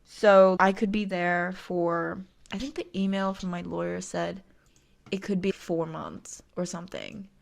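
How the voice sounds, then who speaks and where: Young woman vlogger, lisp, chatty filler-heavy storytelling, low-pitched, gravelly fry. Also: animated, measured pace. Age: 20s. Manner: chatty, frequent "like" fillers, self-deprecating. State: missing a tooth. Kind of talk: casual storytelling vlog.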